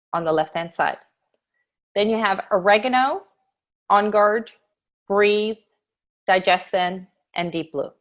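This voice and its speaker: A woman teaching over a video call, with an average pitch and a brisk, chatty delivery. She walks through her sales pitch and slips into acting out her lines to customers. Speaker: essential oils sales trainer. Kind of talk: casual screen-share training talk.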